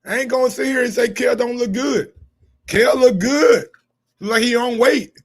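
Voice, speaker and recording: A man hosting a sports channel who gives live-stream reaction commentary, loud and profane and talking straight to his viewers. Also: very high voice, moderate pace, breathy edge.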